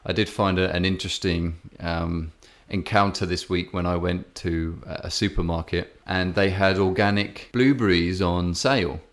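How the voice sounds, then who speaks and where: On a laid-back podcast he co-hosts, an English-accented man spins a meandering story full of fillers and restarts. He speaks with a deep voice in a steady tone, at normal speed with few pauses.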